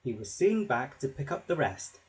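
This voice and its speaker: A man narrating a children's story with a slow, expressive reading. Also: medium pitch, poor audio.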